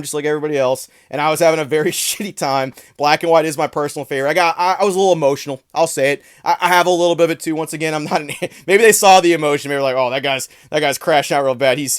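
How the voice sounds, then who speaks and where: A man ranting in a vlog, swearing freely and mocking his targets with lively energy. His voice sits a little high for a man. The sound is dry and close, with no room echo. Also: smooth. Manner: profane, mocking, animated. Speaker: video commentator.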